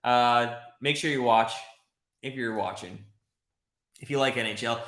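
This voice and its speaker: Excitable man hosting a game watch party. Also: mid-range voice, unhurried, long pauses, echoey room. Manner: excitable, chatty, swears, reads chat. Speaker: livestream host. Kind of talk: live watch-party commentary.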